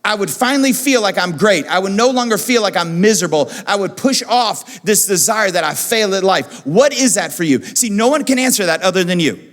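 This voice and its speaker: Man, pastor, lively high-pitched sermon voice, repeats lines for emphasis, long hall reverb. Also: a little fast, hardly any pauses. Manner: animated, repeats phrases for emphasis. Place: church auditorium.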